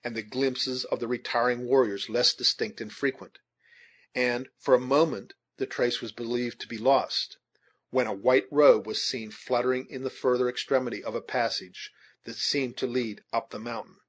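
Husky male audiobook narrator. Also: medium pitch. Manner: steady measured reading. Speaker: audiobook reader. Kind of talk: scripted narration.

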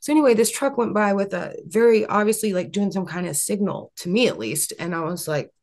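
A young adult woman tells her story to an interviewer in a rambling, earnest way, circling back with fillers and restarts. Her voice has a gravelly creak and sits at a middling pitch. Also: animated, a little fast, a little mellow. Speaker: interview guest.

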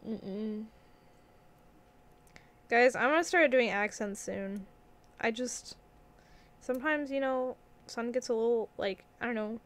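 Chatty high-voiced young woman streamer. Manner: chatty, rambling and giggly, talking to chat. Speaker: game streamer. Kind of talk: casual live-stream chat.

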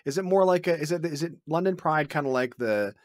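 A man's voice: on the high side, expressive, fairly quick, no echo, clean studio sound. A man, a podcast guest, telling wry, self-mocking stories in casual chat. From Canada.

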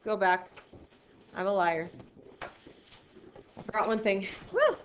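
A woman's voice: mid-range voice, fairly even intonation, takes it slowly. A woman math teacher lecturing a class, chatty and self-deprecating, quizzing her students as she works. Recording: roomy, dull lo-fi sound with faint noise.

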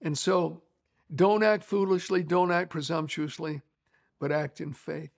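A man's voice: on the high side, fairly even intonation, measured pace, creaky. A middle-aged male pastor preaching in a folksy, storytelling way, with frequent restarts and fillers. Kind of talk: conversational sermon storytelling.

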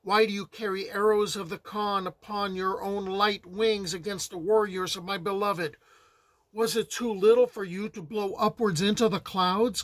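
A man voicing a young princess who pleads with wind, river and sun in slow, incantatory laments. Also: high voice, fairly bright tone, dry recording. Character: young princess lamenting her wounded husband.

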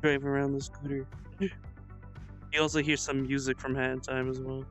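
Giggling through a game, a streamer offers loose commentary at a moderate pace in a medium-pitched voice, with frequent laughter, casual swearing and bursts of excited squealing. The high frequencies are cut off, and faint music plays behind.

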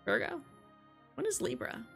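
A young woman hosting a casual let's-play, chatting excitedly and gushing as she plays. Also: moderate pace. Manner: bubbly, excitable, gasps and gushes often. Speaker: gaming channel host. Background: faint game music.

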